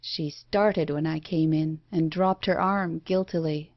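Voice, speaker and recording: A woman reading a first-person horror story in a measured, even way. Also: deep voice, no room sound. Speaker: audiobook narrator. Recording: dull dry lo-fi recording.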